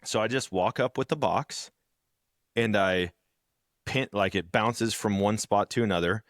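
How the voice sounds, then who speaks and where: A man with a low voice chats casually as a podcast co-host, spinning stories and acting out the people in them. His voice is recorded close and dry, with no room sound. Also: unhurried, no echo. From rural background. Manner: storytelling, animated when acting out others. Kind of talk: casual chat.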